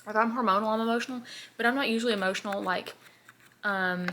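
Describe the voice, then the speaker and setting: A woman's voice: mid-range voice, fairly even intonation, very fast, bright, forceful tone, a little hiss or hum. A young woman, chatting in a bubbly, rambling way while doing her makeup on camera. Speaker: beauty vlogger. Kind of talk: casual get-ready-with-me chat.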